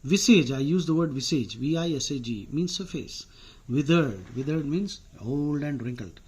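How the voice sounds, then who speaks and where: An Indian man giving a relaxed vocabulary lesson with a slightly higher voice than most men. He talks conversationally, drifts into side remarks and fills pauses with "uh". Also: breathy edge. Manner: digressive, chatty, frequent "uh" fillers. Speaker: vocabulary teacher. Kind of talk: casual explanatory lesson.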